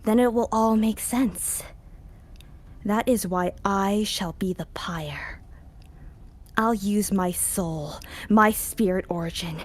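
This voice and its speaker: A woman's voice: mid-range voice, natural voice. A woman whispering as a vengeful hate-filled woman, whispered role-play. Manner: hissing whisper that swells into rage. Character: vengeful woman consumed by hatred.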